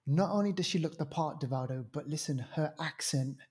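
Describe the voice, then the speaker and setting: A man's voice: a little high, a little fast, a little mellow, husky. A man co-hosting a film review podcast, talking casually and enthusiastically with many fillers. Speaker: podcast co-host reviewing films. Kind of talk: casual chat.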